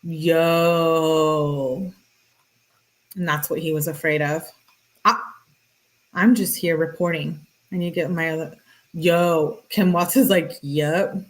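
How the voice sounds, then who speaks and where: A woman's voice: low-pitched, steady tone, slow pace, pauses often. A woman reading text messages aloud and reacting to them in a casual, slangy way with sarcastic asides. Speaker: true-crime commentator.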